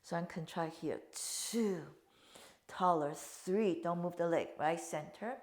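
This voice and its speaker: A woman with a lowish, slightly mellow voice at a measured pace leads a Pilates class in an echoey room. As the instructor, she cues breaths and counts with slight phrasing while guiding the exercises.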